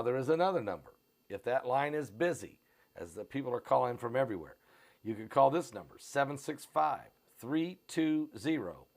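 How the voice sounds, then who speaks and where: Gravelly American Midwestern man, urgent pitch. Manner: repetitive, urgent sales pitch with fillers. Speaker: host of a prophecy channel. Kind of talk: live-stream promotion and commentary. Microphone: on camera.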